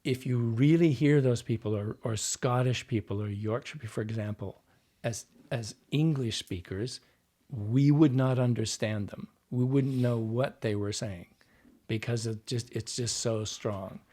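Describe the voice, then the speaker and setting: Man, dialect coach guest, podcast chat, explanatory, instructive, mid-pitched voice. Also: unhurried, dark tone. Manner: explanatory, teaching step by step. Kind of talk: podcast interview conversation.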